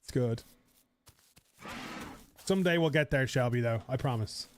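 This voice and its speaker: A man's voice: mid-range voice, a little slow, slight background noise. A man streaming a game live, chatting casually with viewers, rambling and swearing.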